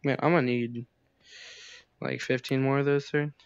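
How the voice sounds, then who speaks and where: A man's voice: mid-range voice, little pitch movement, moderate pace, vocal fry, smooth, dull audio. A man playing a zombie video game, narrating his moves and panicking aloud at the game. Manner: panicky, exclaiming, talks to the game. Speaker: gamer. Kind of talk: let's play commentary.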